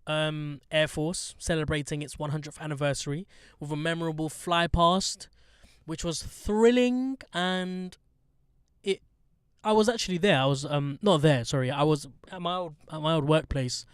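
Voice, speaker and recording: Man, podcast host, slangy and sweary, clear voice, higher pitch. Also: normal speed, no room sound, clean studio sound. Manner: blunt, sweary and joking, using London slang. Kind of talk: casual chat.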